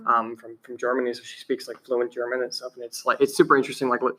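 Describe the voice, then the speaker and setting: A man co-hosting a podcast, speaking haltingly with lots of "um" and "like". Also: mid-range voice, level tone, sharp tone. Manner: halting, heavy on "um" and "like". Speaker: podcast co-host. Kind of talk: casual chat.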